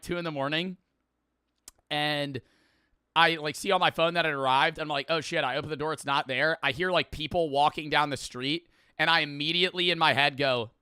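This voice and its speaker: Young streamer guy, rambling and cussing, bright dry close voice. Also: a little high, clean tone, no room sound. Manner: rambling, swearing, laughing storyteller. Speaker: streamer reacting to clips. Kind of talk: casual reaction chat.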